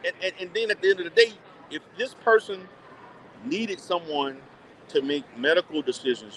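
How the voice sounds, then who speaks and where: Male vlogger, high-pitched, blunt and animated, casual phone live chat with faint background noise. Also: moderate pace. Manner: blunt, animated, laughs often, repeats words. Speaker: vlogger chatting with live viewers. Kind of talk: casual live-stream chat while shopping. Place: indoor shopping mall.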